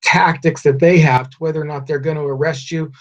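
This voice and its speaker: A man in a casual podcast conversation who agrees a lot and talks with halting restarts. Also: a little high, little pitch movement. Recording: dull lo-fi podcast audio.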